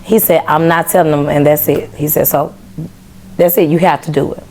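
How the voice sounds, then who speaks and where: A slight hiss or hum runs under her low voice, which goes a little fast. The young Memphis, Tennessee woman is a podcast guest chatting through her story, animated and acting out what people said.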